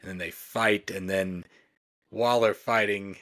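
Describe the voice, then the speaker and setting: A man's voice: lowish voice, fairly even intonation, a little slow, a bit bright. A man co-hosting a podcast, recapping comedy sketches in a rambling casual chat full of "like" and "you know". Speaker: podcast co-host.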